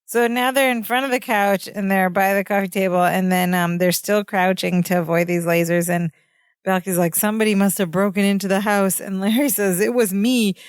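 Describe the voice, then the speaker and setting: A woman's voice: mid-range voice, normal speed, smooth, no room sound, clean studio sound. A woman co-hosting a podcast, retelling a sitcom episode in casual chat and acting out the characters' lines. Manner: animated retelling, acting out quotes. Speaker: podcast co-host.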